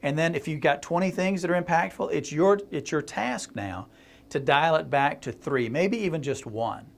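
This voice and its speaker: A man's voice: on the high side, lively intonation, normal speed, vocal fry. Middle-aged guy, business speaker, chatty storytelling blog talk, laughs a lot. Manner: conversational storytelling with laughs and restarts. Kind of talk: casual blog talk to camera.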